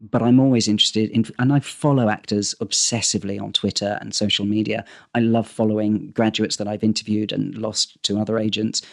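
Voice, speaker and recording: A man, a talent agent talking casually as a podcast guest, animated and often repeating words as he starts a sentence. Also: fairly low pitch, a little fast, gravelly, hardly any pauses. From England. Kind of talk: casual interview chat.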